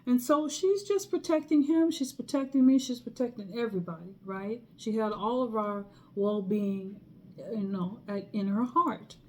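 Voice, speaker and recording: A woman's voice: on the high side, moderate pace, darkish tone. A middle-aged woman casually telling a personal story in a chatty way, acting out the people she quotes. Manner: chatty, acts out quoted people, laughs between lines.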